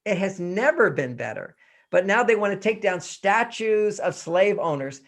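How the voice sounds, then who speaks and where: A man's voice: sits high, animated, normal speed. A man in his sixties from Texas, speaking as a guest author in an interview, emphatic and acting out quoted voices. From Texas, USA. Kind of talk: interview talk.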